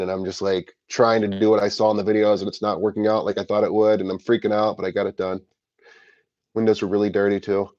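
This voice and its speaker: A man's voice: on the low side, a little mellow, no echo, muffled recording. A man casually telling a rambling personal story about starting his window cleaning business, correcting himself often and swearing now and then.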